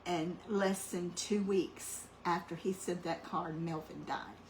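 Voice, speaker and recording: A middle-aged woman telling a heartfelt personal story in a soft, meandering way, full of ums, growing louder when she gets excited. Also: medium pitch, a little hiss or hum, rough recording. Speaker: cooking channel host.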